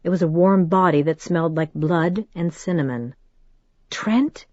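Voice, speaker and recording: Low-voiced woman narrating an audiobook. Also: moderate pace, a little mellow, no room sound, muffled recording. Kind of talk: first-person audiobook narration.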